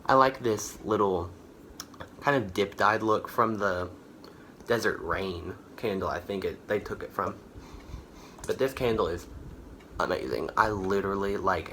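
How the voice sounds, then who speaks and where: In this casual product review chat, a man with a low, fairly bright voice rambles about his candle haul. Fillers and self-corrections abound, and he seems a bit tired and out of breath. There is a little hiss or hum.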